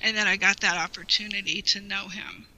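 A woman with a very bright, sharp tone recalls a personal memory as an interview guest. She talks in a heartfelt, meandering way, filling gaps with "you know". Her voice is emotional and close to tears. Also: medium pitch, flat delivery, fairly quick, low-quality recording. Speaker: guest, longtime fan.

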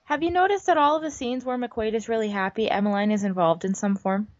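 A woman's voice: on the high side, fast talker. A woman co-hosting a podcast, chatting casually with wry questions and asides. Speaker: podcast co-host. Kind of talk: casual chat. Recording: dull lo-fi recording.

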